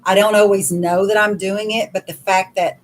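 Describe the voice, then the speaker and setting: A woman's voice: medium pitch, little pitch movement, moderate pace. A woman co-hosting a casual spiritual livestream, explaining her dream work in an earnest way. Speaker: dream worker and co-host.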